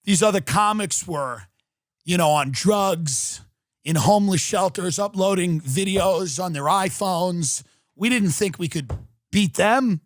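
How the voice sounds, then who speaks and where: High-voiced sarcastic man ranting. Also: lively intonation, a little slow, dry recording, clean studio sound. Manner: sarcastic, swearing, mock-outraged, acts out quotes. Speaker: podcast host. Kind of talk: comedic rant.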